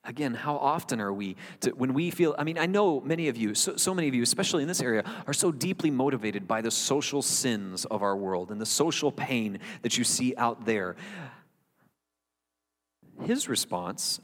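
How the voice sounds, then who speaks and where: A man's voice: mid-range voice, expressive, moderate pace, in a large hall. A man preaching a sermon as the pastor, earnest and conversational, with wry asides to his congregation.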